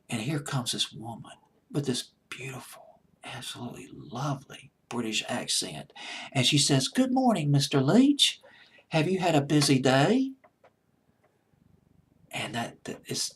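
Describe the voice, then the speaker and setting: A man hosting a music show late at night, talking eagerly and rambling, sometimes dropping to a hushed near-whisper. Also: medium pitch, husky. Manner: enthusiastic, rambling, drops to a hushed near-whisper when gushing. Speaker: deejay host.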